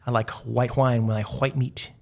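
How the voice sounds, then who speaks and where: A man's voice: mid-range voice, little pitch movement, moderate pace, creaky, close to an everyday voice. A man doing a smug French fighter pilot. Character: cocky male French fighter pilot in a joke.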